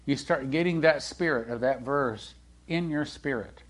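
A man preaching a sermon in a conversational way, asking the congregation questions and swinging between loud and hushed delivery. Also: medium pitch, unhurried. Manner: animated, swings from loud to hushed, acts out quoted dialogue.

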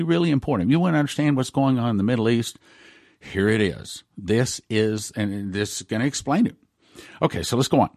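A man's voice: mid-range voice, dry recording. Dry-voiced man explaining Bible prophecy. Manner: reads scripture aloud, then explains in a folksy, emphatic way. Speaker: radio host.

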